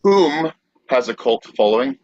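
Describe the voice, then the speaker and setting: A podcast co-host teases playfully in casual banter over a video call. His medium-pitched voice is expressive, a little mellow, and a little slow, with no room sound, though the dry recording is dull and muffled.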